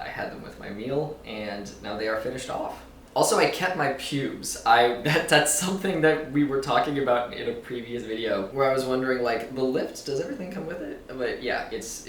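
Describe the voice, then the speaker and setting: A man's voice: mid-range voice, a bit bright, distant mic, slight background noise. A man vlogging in casual chat, rambling loosely, swearing and laughing often. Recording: roomy echo, a bit off-mic, faint ambience.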